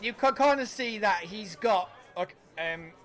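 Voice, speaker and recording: A man narrating as game master in a casual, halting way. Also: high-pitched, lively intonation, over music.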